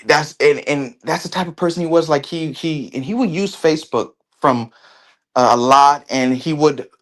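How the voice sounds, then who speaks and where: A man speaking as an interview guest in casual conversation, halting often and restarting his sentences. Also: a little high. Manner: halting, with many restarts and fillers.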